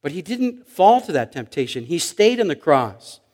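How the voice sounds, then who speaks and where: A man preaching a sermon, telling stories and swinging between loud emphatic questions and hushed, quiet asides. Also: on the high side, big pitch swings, moderate pace. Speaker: pastor. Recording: long hall reverb.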